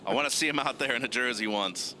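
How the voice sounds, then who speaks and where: A man's voice: medium pitch, fast, sharp tone, a little hiss or hum. A man giving upbeat live analysis as a surf co-commentator.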